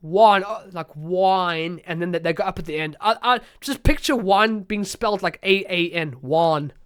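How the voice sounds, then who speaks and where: Chatty South African podcast host. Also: male voice, sits high, normal speed, clean tone. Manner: laughing, chatty, often repeats words. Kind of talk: casual interview chat.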